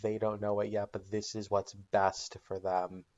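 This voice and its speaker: A man voicing a grim middle-aged male crime-boss father in a comedic made-up recap, speaking flat and stubborn. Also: on the low side, a little slow, muffled recording, close to an everyday voice. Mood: defiant.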